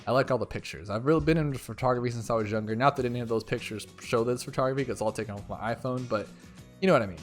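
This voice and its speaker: A man talking over his own gameplay in a chatty, overexcited way, rambling from one thought to the next. His voice sits at an ordinary middle pitch, with faint game music underneath. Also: very fast. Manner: excitable, rambling, talkative. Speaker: gaming YouTuber.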